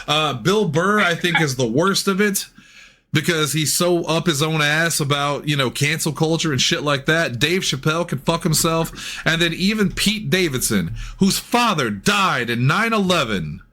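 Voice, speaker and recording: Bright-voiced ranting man. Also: fairly high pitch, expressive, moderate pace. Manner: ranting, profane, heated. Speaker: podcast host. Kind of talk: casual chat.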